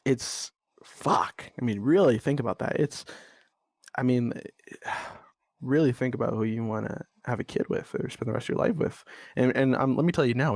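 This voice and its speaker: A man's voice: mid-range voice, creaky, darkish tone. A young man talks candidly into the mic in a blunt, exasperated way, cursing often as he vents. His voice sits in an ordinary middle range. The sound is dry and close, with no room echo. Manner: blunt, swears freely, exasperated venting. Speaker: podcast host. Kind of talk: candid monologue.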